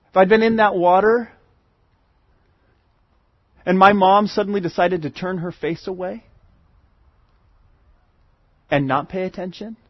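Earnest high-voiced male preacher. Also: dry recording, dull audio. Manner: earnest, swings between loud pleading and hushed asides. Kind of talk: sermon.

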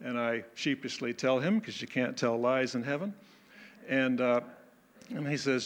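A man preaching a sermon, telling a story, then closing in prayer, earnest and clearing his throat often. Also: medium pitch, unhurried. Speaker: pastor.

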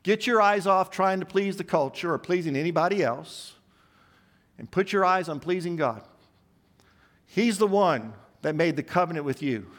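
A man's voice: high voice, lively intonation, moderate pace, a bit bright. A man preaching a sermon, emphatic and building long repeated lists.

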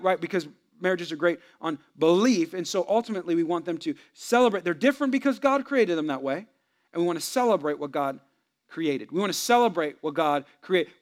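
A man preaching a sermon on marriage to a congregation, swinging between loud animated stretches and hushed asides. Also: high voice. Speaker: pastor.

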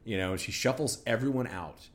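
A man's voice: fairly low pitch, moderate pace. A man co-hosting a podcast, recapping a TV episode in rambling, sardonic casual chat full of fillers. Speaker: podcast co-host.

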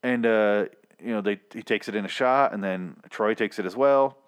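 Speaking in a lowish, smooth voice at a moderate pace, a young man hosts a casual solo podcast recapping a TV episode. He rambles and jokes, mocking the characters with put-on voices.

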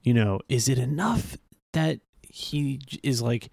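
Man, gravelly voice, sarcastic podcast banter, dry sound. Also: medium pitch, unhurried, dry recording. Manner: sarcastic, animated storyteller. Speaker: podcast co-host. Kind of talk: casual chat.

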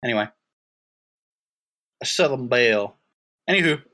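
A man's voice: mid-range voice, expressive, moderate pace, sharp tone. A man hosting a casual movie-review podcast, talking animatedly and laughing often. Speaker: podcast host.

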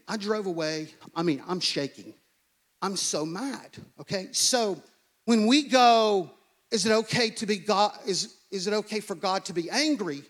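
A man's voice: high voice, moderate pace, a bit bright. A man, a pastor, preaching a sermon in an earnest way, often asking "okay?" and repeating phrases.

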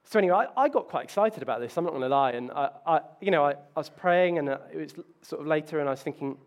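A man's voice: a little high, expressive, racing. A man preaching a sermon, telling self-mocking stories with playful asides. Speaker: pastor.

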